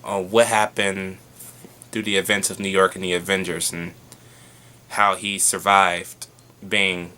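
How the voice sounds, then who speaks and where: A man giving a casual, chatty review of a TV episode, excitable and swearing freely. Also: sits low, unhurried, long pauses.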